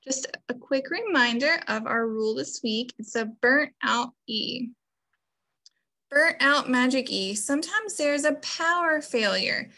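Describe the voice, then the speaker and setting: A woman's voice: sits high, lively intonation, measured pace, bright, forceful tone. A woman teaching a phonics lesson to children, explaining patiently step by step.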